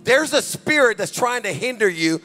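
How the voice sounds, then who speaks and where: A man preaching a fervent deliverance sermon as pastor at a church service, shouting commands. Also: very high-pitched, animated, normal speed, faint music behind.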